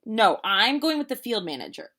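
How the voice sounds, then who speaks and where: A woman in her late twenties telling a long story in casual, animated chat, quoting people as she goes. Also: a little high, normal speed. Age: 20s. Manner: animated, chatty storytelling with quoted voices. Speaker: vlogger.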